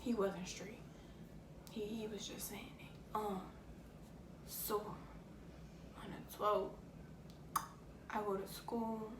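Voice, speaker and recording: A woman vlogger tells a personal story in a halting, casual way, often pausing and correcting herself. She sounds set back from the mic in an echoey room. A clear layer of background noise runs under her voice. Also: medium pitch, level tone, recorded from a distance.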